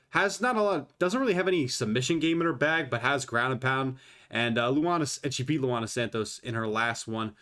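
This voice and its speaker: A man's voice: medium pitch, a bit bright. Profane, rambling male fight analyst. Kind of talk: casual fight breakdown and predictions.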